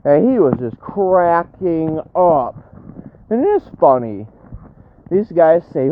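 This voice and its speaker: A man's voice: a little high, big pitch swings, slow. A man chatting casually on a live stream, brash and slangy, swearing freely. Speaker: storm chaser streaming live. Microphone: phone. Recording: tinny phone-like audio with faint noise.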